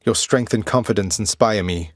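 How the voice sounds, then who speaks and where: A man's voice: on the low side, moderate pace, no echo, lightly acted. A man voicing a wry, polite young prince of the underworld, in video game voice lines. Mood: earnest. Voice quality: dry, wry and teasing. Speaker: game character.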